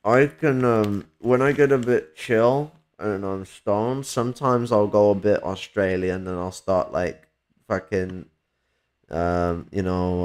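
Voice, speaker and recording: A man's voice: fairly low pitch, fairly even intonation, slow, darkish tone. A man in casual conversation, rambling with many fillers and swearing freely. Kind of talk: casual podcast chat.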